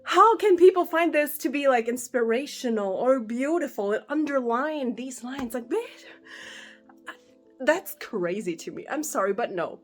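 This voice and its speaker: A woman's voice: high voice, a little slow, faint music behind. Exasperated woman vlogging from her phone. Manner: animated, exasperated, laughs often, swears. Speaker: book vlogger. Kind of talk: casual reaction vlog. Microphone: phone held at arm's length.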